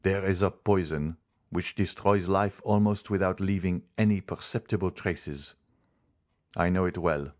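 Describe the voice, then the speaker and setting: A man voicing a grave, stern doctor who explains in a measured, insistent way in an audiobook reading. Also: sits low, a little mellow. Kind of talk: audiobook character voice.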